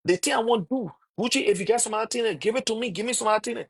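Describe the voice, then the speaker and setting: A man's voice: extremely high pitch, racing, a bit bright, husky. A man, retelling conversations in a casual, emphatic, repetitive monologue. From Liberia. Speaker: online commentator.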